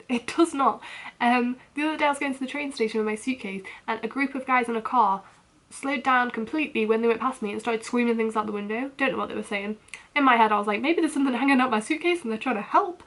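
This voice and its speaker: A woman's voice: a little high, fairly bright tone. A young woman telling a story to her camera in a rambling, casual rant, often breaking into nervous laughs. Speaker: vlogger.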